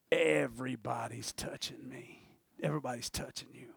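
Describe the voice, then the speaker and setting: A preacher voicing Peter as a doubtful male disciple, hesitant and hushed, in a sermon. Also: medium pitch, drawn-out words, creaky, husky, dry recording, voice pushed down, exaggerated voice.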